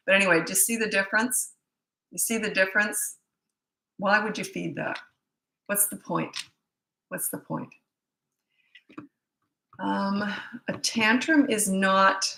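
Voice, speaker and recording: Middle-aged woman, parenting coach; blunt, chatty, rambling asides; lower pitch, roomy echo. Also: sharp tone. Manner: blunt, chatty, frequent "anyway" asides and quick laughs. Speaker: parenting coach and channel host. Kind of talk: casual Q&A monologue with anecdotes. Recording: echoey room.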